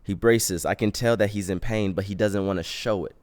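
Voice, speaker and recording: A man's voice: lowish voice, steady tone, brisk, a little mellow. A young man hosting a podcast, telling a story in a casual, slangy way and acting out the quotes. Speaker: podcast host.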